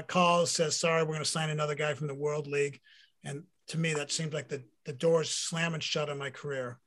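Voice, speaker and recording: Interview guest, man in middle age, raised pitch, animated storyteller sharing a heartfelt testimony. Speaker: guest, former pro football player. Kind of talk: personal faith testimony in conversation.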